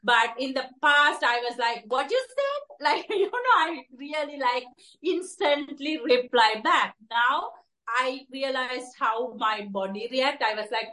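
Earnest woman therapist, English as a second language, slightly high voice, halting delivery. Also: pushed and bright. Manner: earnest, halting speech with fillers and restarts. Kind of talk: conversational interview.

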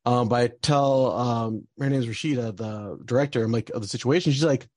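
A man's voice: medium pitch, fairly quick, a little mellow, dry recording. A young man telling a personal story in casual talk, rambling with lots of fillers and restarts.

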